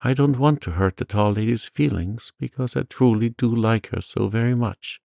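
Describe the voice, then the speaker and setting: A man's voice: medium pitch, normal speed, vocal fry, warm tone, no echo, studio quality, voice pushed up, close to an everyday voice. A man voicing an earnest, affectionate orphan girl in a storybook, talking in a pleading way. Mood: begging.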